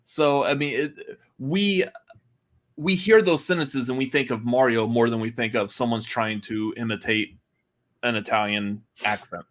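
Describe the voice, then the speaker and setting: A man's voice: mid-range voice, unhurried, fairly bright tone. A man co-hosting a casual podcast chat, hesitant, with many fillers and restarts, laughing often. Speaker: podcast co-host.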